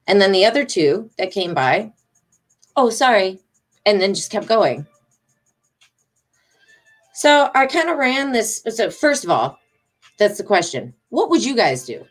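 A woman's voice: medium pitch, big pitch swings, a little slow, long pauses. A middle-aged woman telling a story casually to her followers, agitated, emphatic and rambling, with swearing. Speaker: vlogger.

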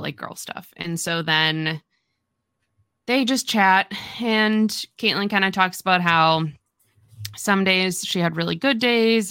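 A woman's voice: on the low side, gravelly, sharp tone, smooth, no echo, studio quality. A woman co-hosting a book podcast, talking casually and emphatically, with exasperated asides and casual swearing. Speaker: podcast co-host. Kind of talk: casual book-club chat.

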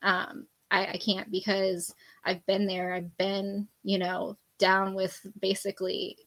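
Picture a woman in her forties, a podcast guest in casual conversation about faith. She talks candidly and rambles a little, laughing through her own stories. Her pitch sits at a medium level. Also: monotone, slow pace, fairly bright tone, poor audio.

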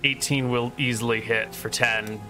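A man's voice: mid-range voice, steady tone, over music. A man narrating as game master in a tabletop role-playing game. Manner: measured, descriptive narration.

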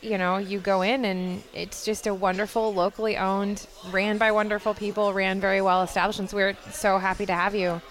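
A woman's voice: mid-range voice, level tone, fairly quick, hardly any pauses. A woman co-hosting a casual chat, upbeat and teasing. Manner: upbeat, teasing, laughs often. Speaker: podcast co-host.

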